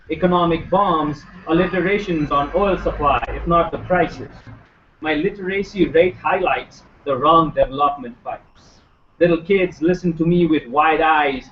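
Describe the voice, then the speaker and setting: A man performing spoken word poetry in a punchy, rhymed delivery after a hesitant spoken intro. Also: on the high side. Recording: roomy, distant, dull live mic.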